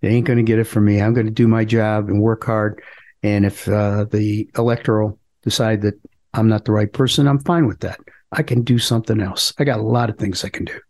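A man's voice: on the low side, steady tone, fairly quick, a little mellow. A middle-aged man, a politician co-hosting a podcast, talking in a plain-spoken, earnest, folksy way. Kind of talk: casual political chat.

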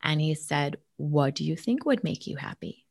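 Earnest lower-voiced woman telling a story. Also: animated, moderate pace, creaky, a little mellow, husky. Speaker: guest sharing a family story. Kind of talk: casual conversational storytelling.

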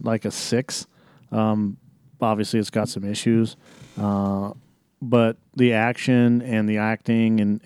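A man's voice: medium pitch, mellow, smooth, no room sound. Brief: male podcast host, mid voice, dry close sound, hesitant and swearing. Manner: rambling, profane, hesitant. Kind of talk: casual podcast film review.

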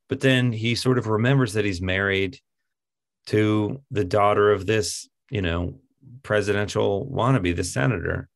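Gravelly man in lively film chat. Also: fairly low pitch. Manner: animated, exasperated, incredulous outbursts. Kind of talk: casual film review chat.

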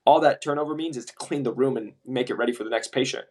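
Man telling animated work stories. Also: medium pitch, fast talker. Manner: animated storyteller, acts out quoted voices, swears casually. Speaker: medical device sales rep, podcast co-host. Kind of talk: casual podcast chat.

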